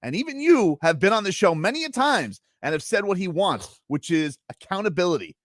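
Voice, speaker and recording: A sports radio host, a man, talks fast and needles his co-host. He argues in a quick, teasing way, and the close mic sounds dry. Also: sits high, very animated, dry recording. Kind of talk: casual studio banter.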